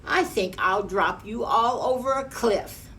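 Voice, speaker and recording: A huge bully of a giant from a picture book, bellowing and boastful, as a woman acts him out. Slow delivery, heard from some distance off the mic with a faint hum. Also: a little high, bright, forceful tone, voice pushed up. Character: huge bullying male giant, meek to his mother.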